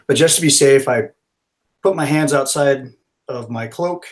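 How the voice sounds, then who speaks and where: A man's voice: mid-range voice, unhurried. A man playing a tabletop role-playing game, describing his moves in a casual, rambling way. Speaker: player.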